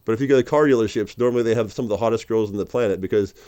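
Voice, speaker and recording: A man's voice: lowish voice, very fast, warm tone, no echo, highs cut off. A man rambling casually to camera as a vlogger, laughing often and calling the listener dude and man.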